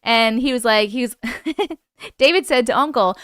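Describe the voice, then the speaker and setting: Excited chatty woman, smooth voice. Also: high voice, moderate pace, no echo, clean studio sound. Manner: excited, chatty, swears casually. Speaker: host. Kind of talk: casual live-stream chat.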